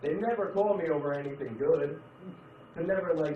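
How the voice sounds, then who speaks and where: A man doing a stand-up comedy set, chatting with the audience and switching between loud put-on voices and low mutters. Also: fairly quick. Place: comedy club stage. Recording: echoey club, distant mic, dull sound, crowd laughter.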